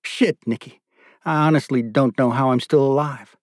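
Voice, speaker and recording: A man's voice: medium pitch, normal speed, darkish tone, no room sound, clean studio sound, lightly acted. A man doing a broken, cursing survivor. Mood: anguished. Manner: raw, profane, bitter outpouring. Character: tormented adult man reliving abuse.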